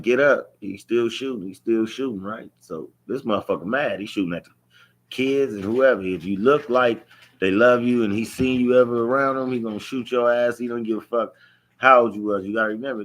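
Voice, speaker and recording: A man tells his life story to camera. His voice sits a little low but sounds bright and forceful. He hammers points home by repeating them and swears freely. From Los Angeles. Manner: emphatic, repeats key phrases, profane street talk. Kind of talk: unscripted personal storytelling.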